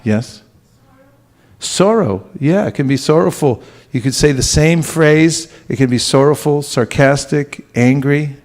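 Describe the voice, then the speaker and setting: A man's voice: fairly high pitch, measured pace, a little mellow. A man giving a spiritual lecture to a live audience, talking conversationally and often putting questions to the listeners. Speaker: spiritual teacher.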